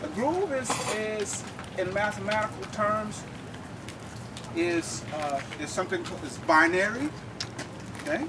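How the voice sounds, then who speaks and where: A man with a fairly high voice leads a drumming lesson, explaining each idea to the crowd and checking in with a quick "okay?" The mic sits well away from him. Outdoor noise stays clearly present behind him. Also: lively intonation, far from the mic. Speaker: drum instructor. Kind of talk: lecture-demonstration. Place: outdoor campus event.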